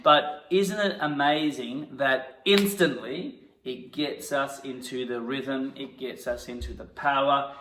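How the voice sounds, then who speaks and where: A man leads an acting class, switching between calm coaching and sudden loud, mock-outraged improvisation. His pitch sits in a middle range. The sound carries a noticeable room echo. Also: takes it slowly, slight background noise. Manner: bursts into loud indignant outbursts during scenes. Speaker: acting teacher. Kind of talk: acting lesson with improvised scenes. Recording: echoey room.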